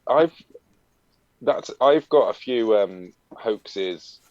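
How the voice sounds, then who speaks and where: A man co-hosts a comedy podcast and spins odd stories with dry, understated wit. He hesitates and circles back as he talks, with a lively pitch. His home mic sounds a little dull. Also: drawn-out words, dry recording. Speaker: podcast co-host. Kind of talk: casual comedic live-stream chat.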